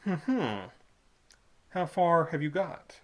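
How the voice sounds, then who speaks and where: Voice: medium pitch, big pitch swings. A reader voicing a sly, rustic young male tollkeeper with a folksy drawl. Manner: folksy drawl, slow and drawn-out.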